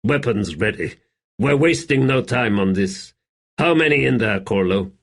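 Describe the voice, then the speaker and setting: A man's voice: fairly low pitch, expressive, a little slow, fairly bright tone, exaggerated voice. A man voicing a curt, commanding mercenary squad leader in an audiobook.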